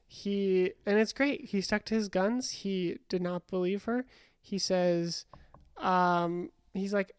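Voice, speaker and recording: A woman's voice: mid-range voice, slow pace, smooth, dry recording, studio quality. A young woman co-hosting a podcast, chatting casually about a reality show with lots of fillers and restarts. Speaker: podcast co-host.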